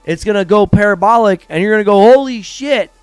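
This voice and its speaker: A man streams a live trading lesson, talking bluntly and swearing freely as he acts out traders' panic and regret. His voice sits a little high for a man. The sound is dry and close, with faint music playing underneath. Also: quick pace, clean tone, dry recording. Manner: blunt, profane, animated, acts out traders' reactions. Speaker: trading livestream host.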